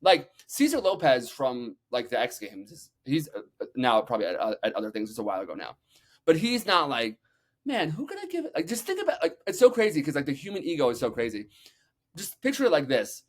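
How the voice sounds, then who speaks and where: Man guest, podcast, animated storytelling, casual swearing, middle-pitched voice. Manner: energetic, acts out quotes, talks fast with many "like"s.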